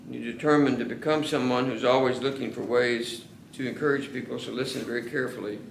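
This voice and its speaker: A man preaching a sermon to his congregation, earnest and slowing down to stress key words. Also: medium pitch, fairly even intonation, gravelly, a little hiss or hum. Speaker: pastor. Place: church sanctuary. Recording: echoey church room.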